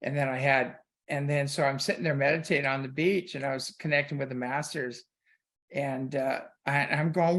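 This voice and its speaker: A man's voice: mid-range voice, fairly even intonation, normal speed, a bit bright. A man hosting a talk radio show, telling a personal story in loose, casual conversation full of "you know".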